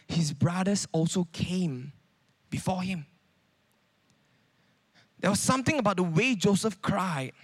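A man's voice: sits high, a bit bright. A man preaching a sermon in a conversational way, with many rhetorical questions.

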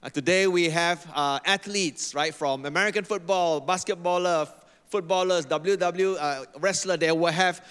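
This pastor's voice is high-pitched, bright, clear and resonant, fairly even in intonation and at normal speed. Preaching in a church hall with long reverb, he repeats phrases for emphasis. He leads the congregation in reading together, call-and-response fashion.

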